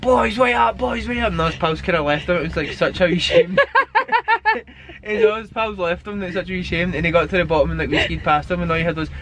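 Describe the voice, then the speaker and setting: A man's voice: a little high, steady tone, fast. A Scottish man vlogging and interviewing in a chatty, storytelling way, outdoors on ski slopes. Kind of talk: casual vlog chat. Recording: loud wind noise outdoors.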